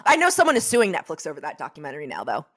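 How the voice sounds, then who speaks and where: Animated, irreverent woman podcast guest. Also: deep voice, very fast. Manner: animated, irreverent, jokey storyteller. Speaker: podcast guest, social media creator. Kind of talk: casual interview chat.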